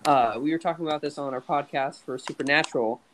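A young man co-hosting a casual podcast chat, talking haltingly with many restarts and stammers. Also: fairly high pitch, background noise. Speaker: podcast co-host.

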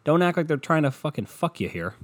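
A man's voice: fairly high pitch, very animated, fairly quick. Profane, sarcastic young man ranting. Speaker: podcast host. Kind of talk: casual ranting podcast monologue. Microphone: podcast microphone.

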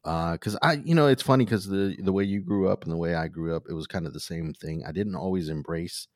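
A man with a very low, deep voice hosts a podcast in a relaxed chat. He talks thoughtfully and hesitates, with many ums and restarts. The recording is dry and close. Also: fast, no room sound. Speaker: podcast host. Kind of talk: casual conversation.

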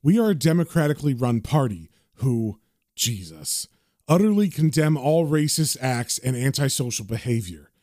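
A man's voice: mid-range voice, sing-song, moderate pace, warm tone, dry recording, voice pushed down, natural voice. A man voicing a wry, cynical male occult detective with a dry, sardonic manner.

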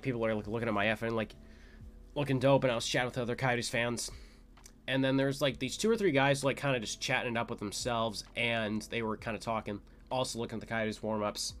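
A young man hosting a podcast, telling a story casually, excitable and full of fillers, his voice leaping up when he quotes his own shouts. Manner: excitable, lots of "like" fillers, jumps to high pitch when quoting shouts. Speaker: podcast host.

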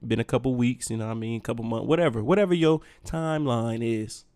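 A young man, hosting a solo podcast and ranting in a profane, animated way with heavy slang. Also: medium pitch, quick pace, clean tone. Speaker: podcast host.

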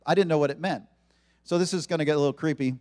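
A man preaching a sermon to his congregation, joking and animated as he talks. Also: fairly high pitch, racing, big-room sound. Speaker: pastor. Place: church sanctuary.

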